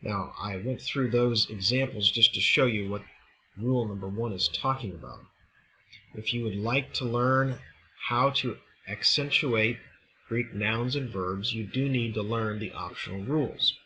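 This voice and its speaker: Guy teaching a lesson, lowish voice but bright, slow careful explaining, faint room hum behind. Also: rough recording. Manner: measured, explains step by step. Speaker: Greek teacher. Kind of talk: recorded classroom lecture.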